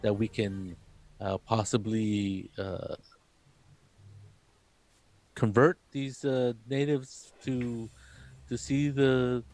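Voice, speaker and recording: A man running a tabletop role-playing game as game master, talking haltingly with many fillers. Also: mid-range voice, flat delivery, a little mellow.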